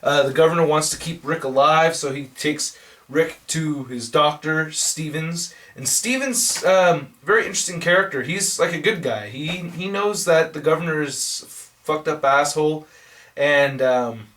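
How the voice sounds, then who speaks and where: A man casually reviewing a comic book, rambling and profane, talking in an excitable, loose way. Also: on the high side, moderate pace, distant mic, a little hiss or hum.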